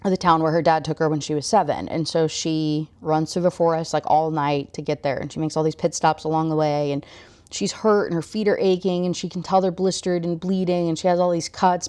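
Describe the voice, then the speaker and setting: Woman book reviewer, gushy and casual, lots of like, lowish voice. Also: a little mellow, clean tone. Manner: enthusiastic, full of "like" fillers.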